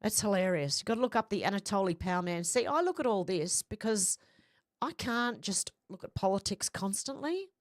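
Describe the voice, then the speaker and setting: A woman's voice: mid-range voice, animated, fairly quick, no echo. Chatty woman with a dry sound. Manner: chatty, rambling, laughs easily. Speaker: livestream host reading viewer comments. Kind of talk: casual live chat.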